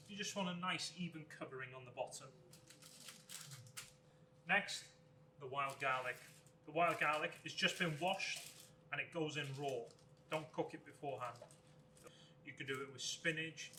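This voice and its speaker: A man, a chef, talking through a cooking demonstration step by step in a relaxed way. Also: mid-range voice, echoey room, a little hiss or hum. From Wales.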